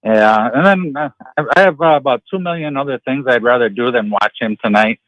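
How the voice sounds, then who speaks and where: A man from West Virginia calling in to a radio show, speaking hesitantly with many pauses. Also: medium pitch, fairly bright tone, dry recording. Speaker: caller. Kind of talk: call-in radio chat. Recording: dull phone-line sound.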